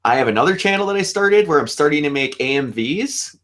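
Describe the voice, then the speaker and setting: A young man hosting a casual fan chat, animated and laughing often, acting out lines as he talks. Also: a little high, brisk. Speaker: show host.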